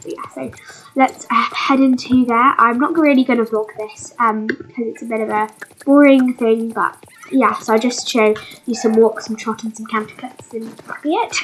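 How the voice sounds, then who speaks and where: Croaky, rambling young-sounding woman vlogger. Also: a little high, a little hiss or hum, poor audio. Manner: rambling, full of "but yeah" and "um". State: sick and croaky. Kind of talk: casual voiceover of a game riding vlog.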